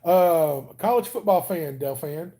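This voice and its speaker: A man with a Southern US drawl, mellow and easygoing. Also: a little high, animated, a little slow. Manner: rambling, joking, easygoing. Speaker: livestream host. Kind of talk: casual livestream chat with viewers.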